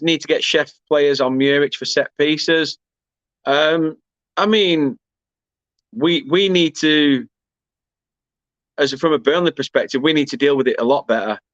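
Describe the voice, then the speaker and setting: A man's voice: mid-range voice, fairly bright tone, dry recording, muffled recording. A man hosts a football fan watchalong, reading viewer comments aloud and chatting casually in a rambling, self-deprecating way.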